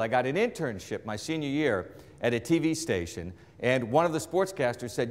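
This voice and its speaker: A man in his forties from the Boston area, telling a motivational career story on stage and acting out the lines of the people in it. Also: brisk. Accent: trained-out Boston accent. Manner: animated, acts out quotes, drops low for asides. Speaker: sportscaster speaker. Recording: long reverb of a large hall.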